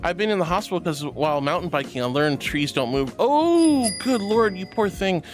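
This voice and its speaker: A woman's voice: sits low, animated, brisk. Bubbly, doting woman streamer with squealing greetings. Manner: affectionate, calls everyone honey and sweetie. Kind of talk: livestream chat reading. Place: virtual reality stream setup.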